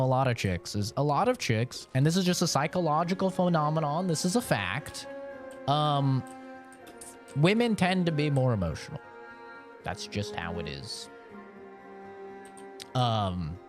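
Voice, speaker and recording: A young man talks casually on a game stream in a frank, rambling way and swears freely. His pitch swings widely as he goes. Faint game music sits behind him. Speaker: gaming streamer. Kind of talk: casual live-stream chat.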